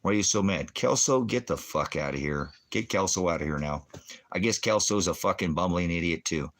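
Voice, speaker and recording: A middle-aged veteran with a low voice speaks fairly quickly while hosting a ministry livestream. He rants angrily and combatively, cursing and shouting insults at the commenters in his chat.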